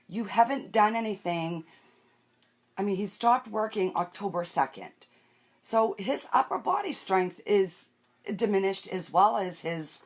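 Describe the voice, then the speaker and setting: An older woman chatting casually on a makeup live stream, rambling through her day and greeting viewers by name. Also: mid-range voice. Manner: talks while wiping her face and doing makeup. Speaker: makeup vlogger.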